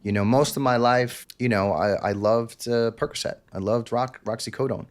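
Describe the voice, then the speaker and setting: A man, speaking as a guest on an interview podcast. He tells a personal story in a candid, intense, confessional way. He slips into the quoted voices of the people in the story, in a voice of middle pitch. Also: fairly even intonation, moderate pace.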